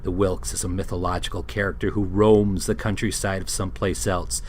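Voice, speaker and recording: A man hosting a show, narrating surreal scripted stories in a deadpan, unhurried way. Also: low-pitched, a little hiss or hum. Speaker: host.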